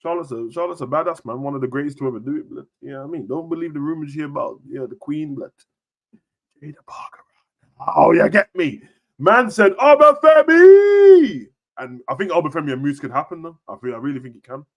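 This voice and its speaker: A young man chatting casually on a live stream about wrestling, full of slang, jumping between shouting and near-whispers. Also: on the high side, rapid-fire, few pauses.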